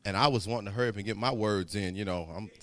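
A man preaching, telling a story in a sermon, swinging from quiet asides to shouting. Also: lowish voice, very fast. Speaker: pastor.

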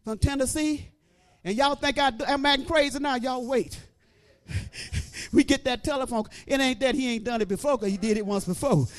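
Older man, church preacher; fervent, exhorting delivery that swells to shouts; very high register. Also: normal speed. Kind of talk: preaching sermon.

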